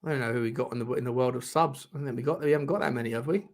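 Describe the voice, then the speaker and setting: A man hosting a live football watchalong, reacting to the match in excitable, sweary commentary and shouting at the referee. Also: mid-range voice, racing.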